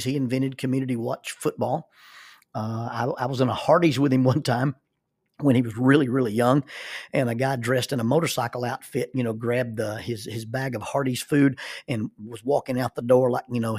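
A man telling a personal story as a life lesson, animated and acting out the people in it. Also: mid-range voice, husky. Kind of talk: spoken storytelling.

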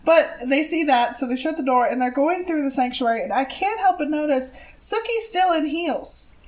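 A woman casually discussing a TV episode with a friend, relaxed, opinionated and dropping wry asides. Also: high-pitched, normal speed. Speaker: podcast co-host. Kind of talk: casual recap chat.

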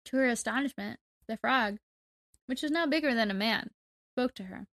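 A woman reads a folk tale aloud for a comedy podcast, playful and ready to laugh at her co-host. Her voice sits a little on the high side. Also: moderate pace, fairly bright tone. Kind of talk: storytelling read-aloud with joking asides.

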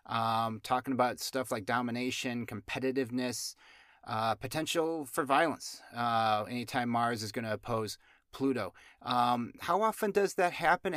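A man's voice: medium pitch, fairly bright tone, dry recording, studio quality. Man rambling through a chatty astrology talk. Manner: rambling, many fillers and restarts; playful, jokey asides. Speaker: astrology show host. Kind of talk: casual chat.

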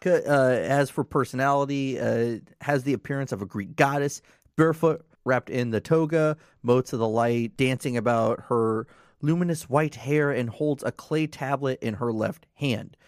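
A man's voice: mid-range voice, moderate pace, no room sound, clean studio sound. A man co-hosting a casual podcast, reading facts from his notes with offhand asides. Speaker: podcast co-host.

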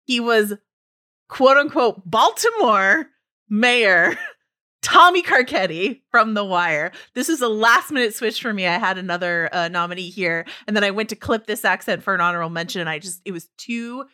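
An American woman co-hosting a casual podcast debate, lively and enthusiastic. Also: mid-range voice, fairly quick, few pauses. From United States. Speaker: podcast co-host.

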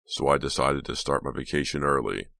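A man's voice: extremely low pitch, brisk, creaky, a bit bright, no room sound, studio quality, full character voice. Chuck, a cocky young prankster voiced by a man. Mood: defensive. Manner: cocky and brash. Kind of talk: audiobook character voice.

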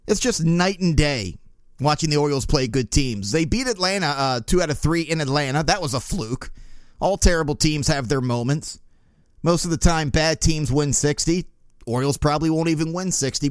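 A man's voice: a little high, smooth, dry recording, studio quality. A young man hosting a casual sports talk podcast, rambling in a sarcastic, exasperated way. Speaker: podcast host.

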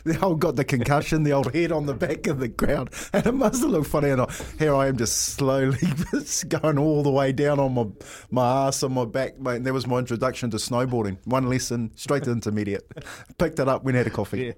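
A man's voice: mid-range voice, a little fast, a little mellow. NZ male co-host, cheeky yarn-spinner, laughs through his lines. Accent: New Zealand. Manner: laughing storyteller, says "mate" often. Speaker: breakfast radio host. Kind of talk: casual radio storytelling.

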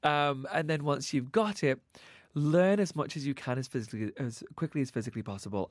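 A man's voice: mid-range voice, no echo, clean studio sound. A man giving a radio interview as a fashion guest, talking emphatically with many fillers. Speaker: guest, fashion expert and author. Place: radio studio. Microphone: studio microphone.

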